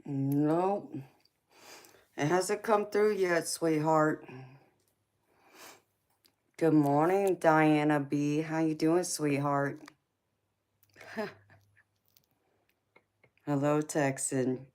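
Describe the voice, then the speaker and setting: Slow, low-voiced woman calling viewers honey. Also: steady tone, darkish tone. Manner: affectionate, calls viewers honey, baby and sweetheart; laughs often, teasing. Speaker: tarot reader hosting a live stream. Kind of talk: casual live-stream chat with viewers.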